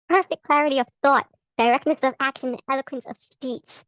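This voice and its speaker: A woman's voice: on the high side, fairly even intonation, brisk, no room sound, rough recording. A young woman giving a casual, profane tarot reading, blunt and rambling, often laughing and restarting her sentences. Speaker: tarot vlogger.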